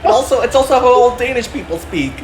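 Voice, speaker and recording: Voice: medium pitch, lively intonation, fairly quick, roomy sound, very noisy. A co-host of a livestream bantering playfully in casual chat, talking into a computer mic on a voice call. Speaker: stream co-host.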